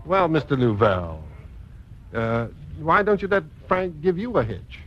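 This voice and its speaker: An actor playing a jealous, quick-witted husband who talks with dry sarcasm, in 1950s radio acting. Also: male voice, a little high, big pitch swings, slight background noise. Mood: sarcastic. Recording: dull lo-fi old radio broadcast.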